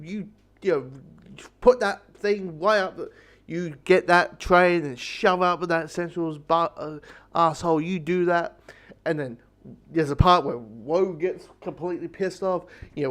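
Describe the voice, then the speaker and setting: A man giving a casual spoken review of a TV episode, rambling and excitable and swearing freely. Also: on the high side. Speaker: TV show reviewer.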